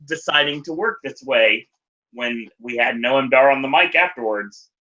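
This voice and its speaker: Male podcast host, very bright, rambling casual delivery, slightly muffled lo-fi audio. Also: medium pitch, normal speed. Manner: rambling, self-correcting, laughs easily. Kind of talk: casual chat recapping wrestling.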